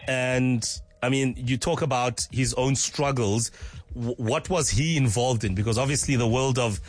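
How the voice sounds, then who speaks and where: A man's voice: mid-range voice, normal speed, no room sound. A man hosting a radio call-in show, talking things through in a reflective, conversational way. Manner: reflective, conversational, weighing both sides. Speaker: radio host.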